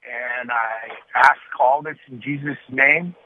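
A man's voice: medium pitch, steady tone, slow pace. A man calling in to a radio show by phone, telling his routine in a plain, matter-of-fact way. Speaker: caller. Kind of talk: call-in phone chat. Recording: tinny phone line.

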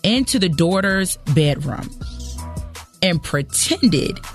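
A woman's voice: fairly low pitch, animated, slow pace, soft background music. A woman hosting a morning radio show, chatting casually and emphatically, exclaiming as she tells a story. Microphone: studio microphone.

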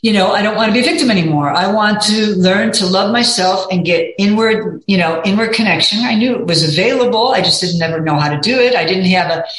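A woman's voice: medium pitch, quick pace, hardly any pauses, a bit bright. Candid rambling middle-aged woman, echoey room. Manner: rambling, candid, peppered with 'you know'. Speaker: guest. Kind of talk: casual interview chat.

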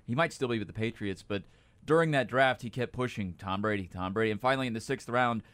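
A man's voice: mid-range voice, quick pace, a bit bright. A man co-hosting a sports radio show in a studio, telling wry stories and anecdotes about the game. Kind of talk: casual sports talk radio. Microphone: studio microphone.

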